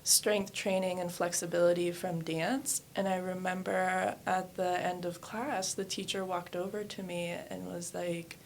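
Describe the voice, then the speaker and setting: Gravelly low-voiced woman telling her story. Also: flat delivery, unhurried, few pauses, a little hiss or hum. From New Hampshire and West Virginia. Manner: candid, storytelling, many fillers. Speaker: guest, yoga studio owner. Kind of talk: casual interview.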